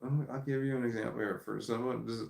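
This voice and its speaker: A man's voice: mid-range voice, fairly even intonation, fast, gravelly, a little mellow, roomy sound. A man hosting a casual livestream, reading viewer comments aloud and rambling about them with frequent laughs. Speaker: livestream host reading chat.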